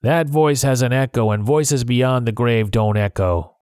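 Bold pirate chief, slow and defiant, dry close sound, as a narrator voices him. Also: male voice, medium pitch, a little mellow, clear, resonant tone, no room sound, lightly acted. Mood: reasoning. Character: hardened male pirate leader, bold.

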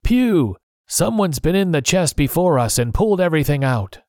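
A man putting on a rough pirate yelling from a window in a storybook, his voice pushed high and strained. The tone stays mellow underneath, and the recording is dry and close. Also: very animated, slow pace, dry recording, heavily acted. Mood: alarmed. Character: rough male pirate, excited and shouting.

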